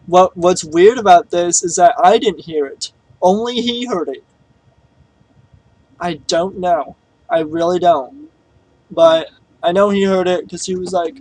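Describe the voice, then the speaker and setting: A man's voice: high-pitched, a little slow, pauses often, a little mellow, dry recording, low-quality recording. A young man telling a story in a casual vlog, rambling and hesitant with many fillers. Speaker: vlogger.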